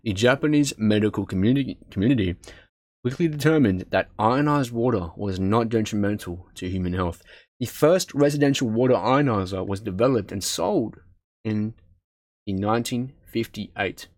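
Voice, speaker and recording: A man's voice: fairly low pitch, normal speed, a little mellow, dry recording, studio quality. A man reading text aloud with frequent stumbles and self-corrections, breaking off into casual asides. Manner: stumbles over words, swears and laughs at himself; reads aloud, then breaks into chatty asides.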